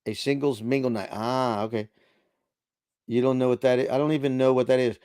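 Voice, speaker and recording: A man's voice: mid-range voice, flat delivery, brisk, a little mellow, smooth, no echo, clean studio sound. Laid-back man chatting on a livestream. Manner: chatty, laid-back, reads chat aloud. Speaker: livestream host. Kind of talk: casual live chat reading viewer comments. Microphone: desk microphone.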